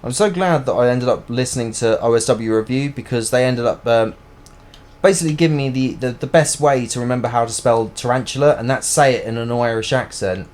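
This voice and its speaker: A man's voice: mid-range voice, a little fast, darkish tone. Chatty man streaming a game. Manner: rambling, chatty, joking. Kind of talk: casual live-stream gameplay chat.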